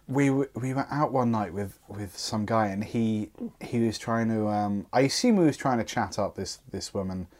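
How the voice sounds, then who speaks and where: A man co-hosting a podcast, telling rambling stories in casual chat. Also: medium pitch. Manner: rambling anecdotal storyteller. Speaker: podcast co-host.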